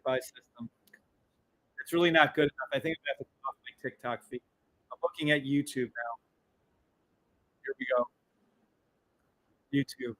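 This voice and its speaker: A middle-aged man streaming live trades, hyped up, yelling and swearing, repeating hype phrases over and over. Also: a little high, no room sound, low-quality recording. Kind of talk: live-stream trading commentary.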